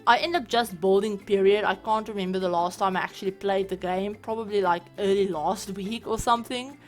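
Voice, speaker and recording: A woman talks in a loose, chatty voice-over, circling back and restarting her thoughts with plenty of fillers. Her pitch sits in an ordinary middle range. Soft music plays faintly under her voice. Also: a little fast. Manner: rambling, lots of "like" and restarts. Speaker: Sims building channel host. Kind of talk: casual voice-over commentary.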